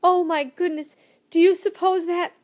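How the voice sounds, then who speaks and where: A woman doing a flustered creature king, high and airy. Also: flat delivery, moderate pace, mellow. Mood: trembling. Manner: tremulous, flustered. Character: excitable roly-poly male creature king, gracious.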